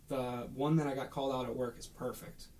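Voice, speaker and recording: A man's voice: mid-range voice, steady tone, a little fast, a little mellow. A young man co-hosting a podcast, chatting casually and telling rambling stories with plenty of restarts. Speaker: podcast co-host. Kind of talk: casual chat.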